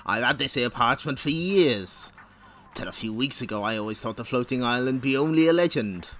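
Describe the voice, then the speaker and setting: A man voicing a gruff, bossy male pirate captain in a comic read-along, with a drawling put-on accent and slow, swaggering delivery. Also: mid-range voice, expressive, pushed and bright, a little hiss or hum. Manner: drawling put-on rogue's accent, calls everyone lad or mate.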